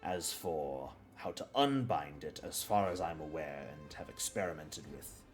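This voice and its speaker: A man voicing a cagey adult male alchemist business owner who speaks in a measured, hedging, matter-of-fact way. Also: extremely low pitch, animated, faint music behind, pitched below the performer's own voice. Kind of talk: in-character role-play.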